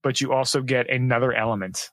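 Speaking fast in a mid-range voice with no echo, this podcast co-host keeps things casual. He holds strong opinions on ski passes and resorts and comes across as animated and full of enthusiasm for skiing.

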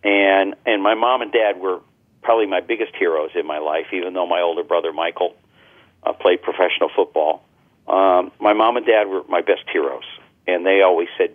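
A man's voice: sits low, moderate pace. Older man telling stories on a phone line. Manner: chatty, anecdotal, with frequent restarts. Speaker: talk radio host and guest. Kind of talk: casual interview storytelling.

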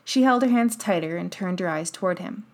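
A woman narrating a children's novel in calm, even storytelling. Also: fairly low pitch, a little fast. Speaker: audiobook narrator. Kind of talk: scripted narration.

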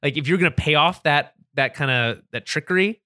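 Laughing, animated podcast guy. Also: on the high side, brisk, dry recording, clean studio sound. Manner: animated, laughs often, many restarts. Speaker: podcast co-host. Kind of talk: casual chat recapping a TV episode.

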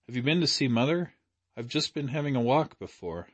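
An eager young woman, as a male reader puts her on, quick and breathless in her earnestness. The voice sits well above his own low register, recorded dry and close with no room sound. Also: lively intonation, no echo, lightly acted. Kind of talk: audiobook character reading.

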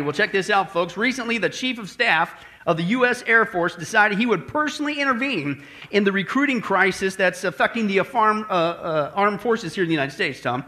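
A man's voice: sits high, bright, forceful tone. A male pastor preaching in a folksy, playful way, telling jokes before his sermon. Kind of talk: joking sermon.

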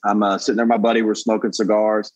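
A young man with a Southern US accent, a comedian guest telling animated stories in casual chat and saying "dude" a lot. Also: lowish voice, quick pace, no echo, highs cut off. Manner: animated, says "dude" often, jumps into quoted voices.

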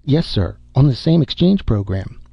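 A man voicing a loyal, efficient female secretary, speaking crisply and deferentially, in a dull recording. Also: medium pitch, very animated, normal speed, dry recording, pitched above the performer's own voice, exaggerated voice. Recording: dull muffled audio.

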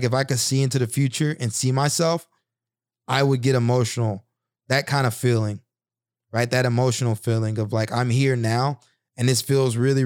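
Earnest male podcaster, 30s, mid pitch, reflective storytelling, dry close sound. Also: darkish tone, dry recording. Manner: earnest, reflective, conversational with many restarts. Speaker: podcast host. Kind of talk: personal storytelling monologue.

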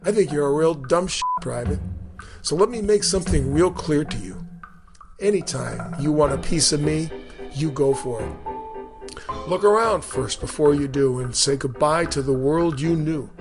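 A man voicing a menacing Marine drill sergeant who hisses low taunts and bellows threats, over music. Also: lively intonation, moderate pace. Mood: menacing whisper.

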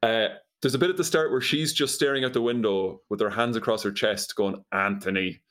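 A man's voice: mid-range voice, a little fast, a bit bright. A man chatting casually, dryly and incredulously retelling a film's plot, often laughing. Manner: dry, incredulous storytelling with laughs. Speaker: podcast co-host recapping a movie. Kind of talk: casual comedic chat.

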